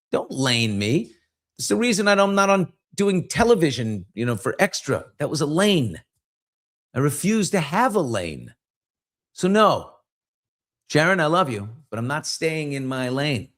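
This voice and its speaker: A man's voice: a little high, normal speed. A man hosting a podcast, chatting casually and telling jokes with exuberant energy. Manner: animated, exuberant storyteller. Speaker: podcast host. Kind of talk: casual chat and joke telling.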